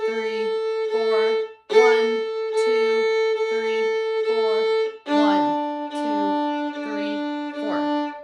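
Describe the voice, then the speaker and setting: A woman teaching a strings class, explaining music terms patiently, step by step, and counting beats aloud. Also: medium pitch. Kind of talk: instructional explanation. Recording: echoey room, faint background noise.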